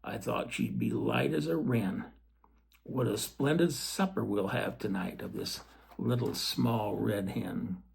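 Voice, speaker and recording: A man voicing a wicked, greedy old male fox in a storybook reading, with a slow, gloating delivery. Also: on the low side, vocal fry, slightly rough, exaggerated voice.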